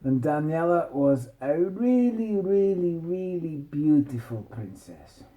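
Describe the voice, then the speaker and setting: A man's voice: a little high, very animated, slow, phone-quality sound. A man improvising a meandering, playful bedtime story. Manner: playful, meandering, self-interrupting.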